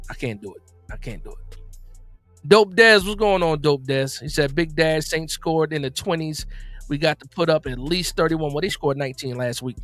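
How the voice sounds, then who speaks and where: A man's voice: on the high side, a bit bright. A man hosting a casual live-stream, reading viewers' comments aloud and reacting to each, often repeating his words. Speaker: host.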